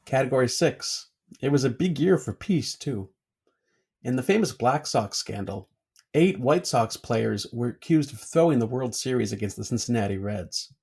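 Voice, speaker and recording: A man hosting a podcast trivia game, reading out questions in a measured way. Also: mid-range voice, expressive, gravelly, darkish tone, husky. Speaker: quizmaster.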